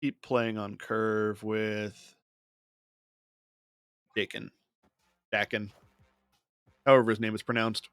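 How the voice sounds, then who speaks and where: Here a man's lowish voice stays level and unhurried, clear and resonant with a slight brightness. He's streaming a digital card game, casually talking himself through each play under his breath, captured in clean studio sound without echo.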